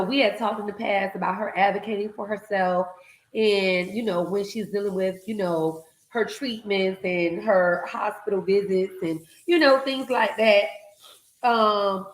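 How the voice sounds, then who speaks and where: A woman hosting a live stream, telling a story in casual chat, animated and laughing as she acts out the voices in it. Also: medium pitch, a little slow, reverberant, low-quality recording. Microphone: video call.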